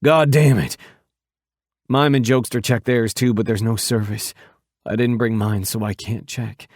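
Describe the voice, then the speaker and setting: Steady low-voiced male audiobook narrator. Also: moderate pace, no echo, studio quality.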